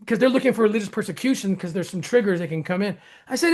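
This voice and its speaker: A man hosting an interview tells a long story with excitement. He acts out the voices of other people, with his pitch jumping up sharply, restarts often, and laughs as he goes. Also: fast talker. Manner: excitable, acts out quoted dialogue with jumps in pitch. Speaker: host.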